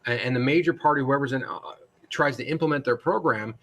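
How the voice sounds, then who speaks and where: Male instructor with a casual lecture manner, chatty and informal, mid-pitched voice, full of fillers and restarts. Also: fast, fairly bright tone. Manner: casual, addresses students as guys, many fillers and restarts. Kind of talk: recorded classroom lecture.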